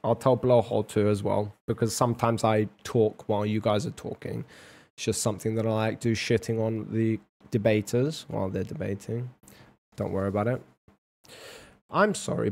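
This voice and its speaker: A man's voice: on the low side, vocal fry. A man hosting a debate on a livestream, chatting casually with lots of swearing, laughter and rambling banter. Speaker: debate host.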